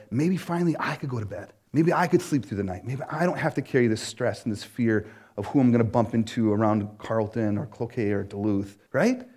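A man preaching a casual sermon as a pastor, telling a personal story in an animated way, full of "like" and "right?". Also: medium pitch. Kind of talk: conversational sermon.

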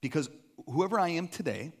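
A man's voice: on the high side, lively intonation, fairly quick. A middle-aged man, a pastor, preaching a casual sermon in a conversational, joking way, acting out little quoted voices.

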